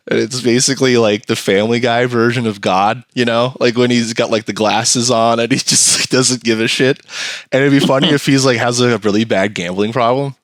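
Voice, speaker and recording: A man's voice: medium pitch, a bit bright, dry recording. A man hosting a comedy podcast in casual chat, rambling and riffing on bits and laughing as he goes. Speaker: podcast host.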